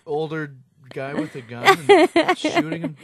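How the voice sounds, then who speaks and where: A man's voice: on the high side, wildly swooping pitch, a little slow, vocal fry. A man hosting a podcast, chatting casually with short reactions and laughing along. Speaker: podcast host. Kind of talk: casual interview chat. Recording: crowd noise behind.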